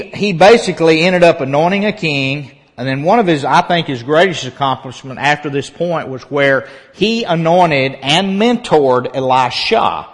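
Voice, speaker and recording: A male pastor preaches in a casual, folksy way and breaks into loud, emphatic peaks. His voice sits a little on the high side. A long reverb hangs behind him in the sanctuary. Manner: folksy and conversational, laughs between points. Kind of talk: sermon. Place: church sanctuary.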